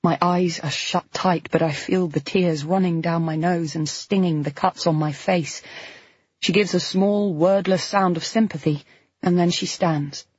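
A woman reads a first-person novel aloud in a very breathy voice, with an expressive, emotional delivery. The recording is dry and close, with a slightly dull, muffled top end. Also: lowish voice, a little slow, no room sound. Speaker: audiobook narrator.

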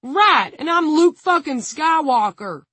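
A woman's voice: lively intonation, slow pace, dry recording, exaggerated voice. A woman doing a sneering, defiant gunman. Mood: defiant yelling. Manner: shrill defiant yelling. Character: crude defiant male gunman, hostile and sneering.

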